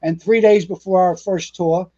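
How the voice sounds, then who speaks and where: Brief: a retired fire captain in his sixties, Bronx-born, New York accent, higher-pitched voice, swears freely while telling old stories. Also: moderate pace, highs cut off. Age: 60s. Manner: salty, profane, animated storyteller. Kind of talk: storytelling interview.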